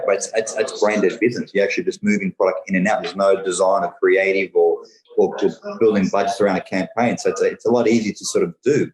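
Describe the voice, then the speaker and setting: Australian man, podcast guest; low, quick, rambling delivery; echoey room. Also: a little mellow. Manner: rambling, full of fillers and "mate". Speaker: podcast guest, business owner. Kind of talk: casual interview chat.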